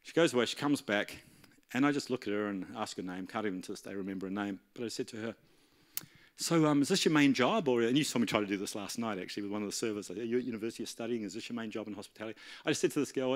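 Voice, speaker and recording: A man's voice: fairly low pitch, rapid-fire. Man telling a sermon story. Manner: animated storyteller, acting out dialogue. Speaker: pastor. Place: church.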